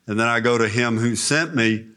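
A man preaching an expository Bible lesson in an earnest, emphatic way, pausing to pray. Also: mid-range voice, bright, forceful tone. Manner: earnest, emphatic teaching with spoken prayer. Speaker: pastor teaching a Bible study.

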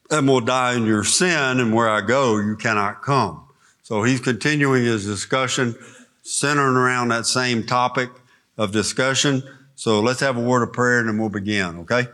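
A man preaching an expository Bible lesson in an earnest, emphatic way, pausing to pray. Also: mid-range voice, fairly bright tone. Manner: earnest, emphatic teaching with spoken prayer. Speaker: pastor teaching a Bible study.

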